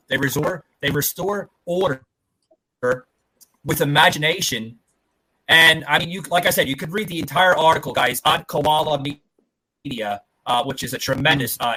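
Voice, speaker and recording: Bright-voiced podcast host, rambling. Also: male voice, fairly high pitch, moderate pace, husky, poor audio. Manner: rambling, heavy with fillers and swearing. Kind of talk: casual podcast chat.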